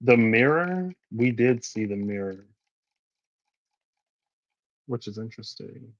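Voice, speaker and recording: A man's voice: mid-range voice, expressive, slow, no room sound, highs cut off. A man reading tarot for a casual vlog, chatting and musing as he reads card meanings aloud. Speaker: tarot reader.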